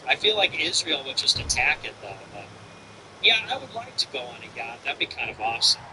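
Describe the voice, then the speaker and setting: A man's voice: medium pitch, big pitch swings, brisk, background noise. A man hosting a livestream, chatting casually and ranting bluntly with frequent profanity. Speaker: livestream host.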